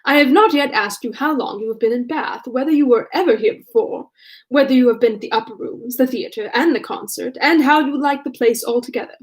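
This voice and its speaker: A woman reading aloud and voicing a witty, teasing young gentleman with mock-formal manners. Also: high voice, fairly quick, close to an everyday voice. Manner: mock-formal, then simpering when he affects a pose.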